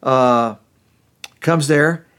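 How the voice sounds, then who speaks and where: A man's voice: medium pitch, drawn-out words, a bit bright, clear, resonant tone. A middle-aged man preaching a sermon, telling stories in a folksy way with frequent restarts. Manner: folksy storytelling with many restarts. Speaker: pastor.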